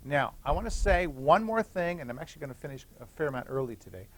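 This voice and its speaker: A man's voice: fairly high pitch, big pitch swings, fast. A middle-aged man giving a classroom lecture, explaining step by step, repeating key points and checking in with "okay?". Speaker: university biochemistry lecturer. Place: lecture hall.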